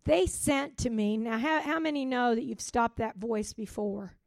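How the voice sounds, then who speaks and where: A woman preaching a sermon with passion, swinging from loud rising calls to hushed, quiet drops. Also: fairly high pitch, normal speed, vocal fry, dry recording. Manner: impassioned, with sudden loud rises and hushed drops.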